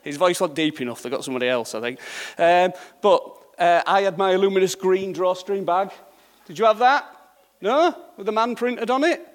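A man's voice: high voice, animated, moderate pace, big-room sound. A middle-aged man preaching a sermon in a conversational way, often checking in with the congregation. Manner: conversational, checks in with repeated "yeah?".

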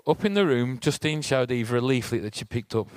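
In a medium-pitched, slightly mellow voice with lively intonation, a man speaks a little fast in an echo-free recording. This church speaker tells a personal story in a chatty sermon, asking his audience rhetorical questions.

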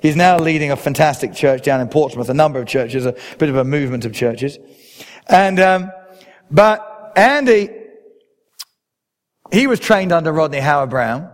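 A man's voice: expressive, normal speed, long pauses. An English man preaching a sermon, driving his points home with rising emphasis. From England. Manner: emphatic preaching with swells in pitch and loudness. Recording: long hall reverb.

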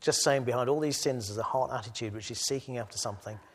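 A man delivering a sermon in a medium voice, speaking gently and thoughtfully in one stretch, then urging his listeners on with rising force. He addresses a church gathering directly. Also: medium pitch, fast talker, slightly rough. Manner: swings from quiet reflection to loud exhortation. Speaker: preacher.

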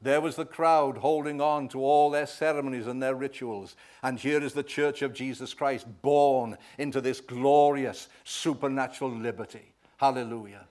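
A man preaching a sermon, swelling loud on key words and often asking the congregation "right?". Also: medium pitch, steady tone, moderate pace, few pauses.

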